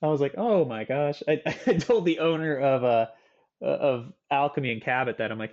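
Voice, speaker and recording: A man's voice: medium pitch, normal speed, a little mellow, dull audio. A man guesting on a podcast, telling stories in an enthusiastic, chatty way. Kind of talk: casual chat.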